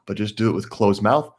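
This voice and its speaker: This man's voice is lowish. He calmly guides a live meditation class, describing how to breathe and saying hello to viewers by name.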